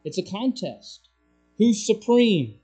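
A man preaching a sermon as pastor, growing loud and emphatic on key points. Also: very animated, slow pace. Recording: low mains hum.

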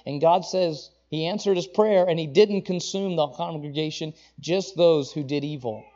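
A man's voice: on the high side, moderate pace, hardly any pauses, a little mellow, highs cut off. A man preaching a sermon in a conversational, self-correcting way, rising into emphatic quotations of scripture.

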